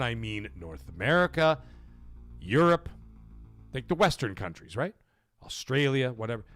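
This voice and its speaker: A man's voice: medium pitch, a bit bright. A man in his thirties hosting a live gaming podcast, ranting in a heated, profane, opinionated way. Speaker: podcast host.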